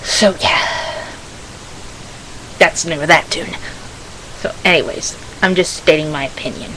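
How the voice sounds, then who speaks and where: Woman vlogger, low pitch, rambling self-correcting chat, slightly froggy throat, faint hiss on the camera mic. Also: measured pace, bright, forceful tone, low-quality recording.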